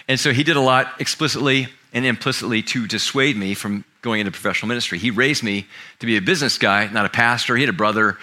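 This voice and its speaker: Bright-voiced conversational male pastor. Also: mid-range voice. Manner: conversational, self-deprecating, fond of asides and repeated starts. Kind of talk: sermon.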